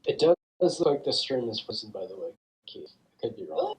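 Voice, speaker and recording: A man playing in a streamed tabletop game, chatting casually and making quick offhand remarks. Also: medium pitch, big pitch swings. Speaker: player.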